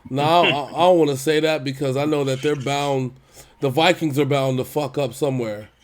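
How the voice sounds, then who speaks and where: A man co-hosting a casual football talk show, exasperated and swearing freely, breaking into quick laughs. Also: mid-range voice, steady tone. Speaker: podcast co-host. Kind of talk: casual sports chat.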